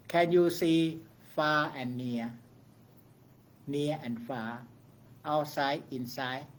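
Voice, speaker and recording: A male meditation teacher guides a group, talking in short, halting phrases of simple English. He speaks very slowly and checks in often with a questioning "okay?". His voice sits at a middle pitch. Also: a bit bright, a little hiss or hum.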